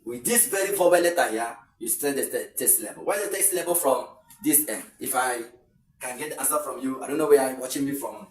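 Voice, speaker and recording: A man's voice: mid-range voice, a little fast, distant mic, slight background noise. A man teaching an exam-prep lesson, explaining step by step and counting syllables aloud with fillers and restarts. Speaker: English tutor. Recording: echoey room, voice a little off-mic.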